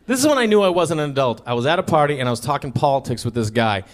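Animated high-pitched stand-up comedian. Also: male voice, very fast. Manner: animated storytelling, acting out both sides of conversations. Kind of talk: stand-up set before a live audience. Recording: stage recording with audience laughter.

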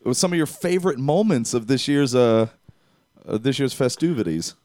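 A man's voice: mid-range voice, animated, moderate pace, a little mellow, no room sound. A man hosting a talk show, bantering casually with crude jokes. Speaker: host. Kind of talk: casual chat.

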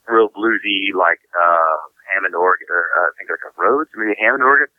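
A man's voice: deep voice, brisk, dry recording. Rambling, swearing storyteller man on a tinny line. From Saint Louis, USA. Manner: rambling, profane, laughing storyteller. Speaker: touring musician guest. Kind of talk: casual storytelling in a podcast chat. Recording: dry, tinny phone-like sound.

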